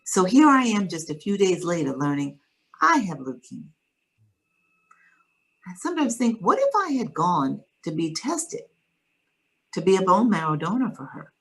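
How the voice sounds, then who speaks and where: A woman, a guest in an interview, calmly and reflectively retelling a personal story. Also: lowish voice, moderate pace, pauses often, breathy edge, low-quality recording.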